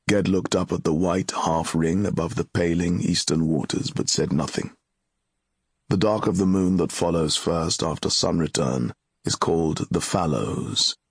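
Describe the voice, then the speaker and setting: A man narrating a fantasy audiobook in a measured, solemn storytelling manner. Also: low-pitched, gravelly, breathy edge, dry recording, studio quality.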